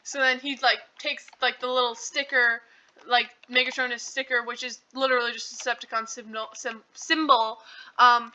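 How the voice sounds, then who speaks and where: High, bright-voiced woman rambling. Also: level tone, moderate pace. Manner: rambling, heavy on fillers and "like". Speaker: channel host. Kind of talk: casual movie recap. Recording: dull lo-fi recording.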